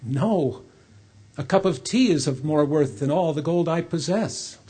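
A man's voice: on the high side, expressive, measured pace, mellow, husky. A man voicing a grieving, remorseful old king who pleads earnestly. He reads it as part of a spoken story.

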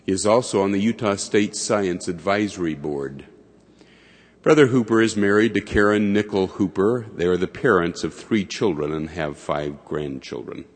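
A man with a very low voice reads a formal introduction of a speaker. His delivery stays measured and courteous. A long hall reverb trails his words. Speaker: presiding introducer.

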